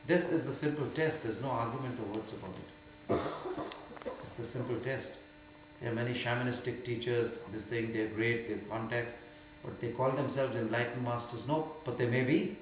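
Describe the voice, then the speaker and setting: An older man from India with an Indian accent, a spiritual teacher answering questions in an emphatic way that moves from quiet to loud. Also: medium pitch, normal speed. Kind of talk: spiritual Q&A talk. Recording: very echoey hall with faint hum.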